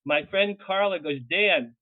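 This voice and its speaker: An older man appears as a publicist guest in an interview, telling anecdotes with lively energy, laughing through them and acting out what people said. His pitch is medium and his speed normal. The recording is dry with no echo, carried over a tinny, phone-like line.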